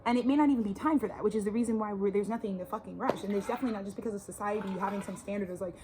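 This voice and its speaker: Talking very fast in a medium-pitched voice over a noisy background, a twenties-aged vlogger from Texas delivers an emphatic, casual spiritual rant. Standing outside by a suburban yard, she's profane and full of slang.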